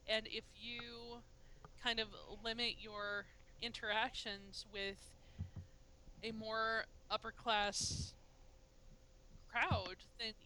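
Woman, slow deliberate explainer, bright tone. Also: fairly high pitch, little pitch movement, slight background noise, poor audio. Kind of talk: casual chat.

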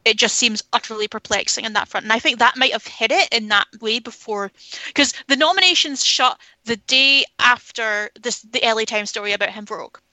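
A woman's voice: on the high side, moderate pace, bright, forceful tone, dry recording, low-quality recording. A woman talking candidly about films in a casual podcast chat, opinionated and swearing freely. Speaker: film podcast panelist.

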